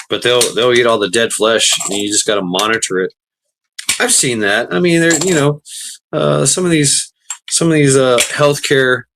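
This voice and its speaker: A man's voice: medium pitch, background noise. A man chatting casually while gaming, rambling with many restarts and fillers, swearing freely.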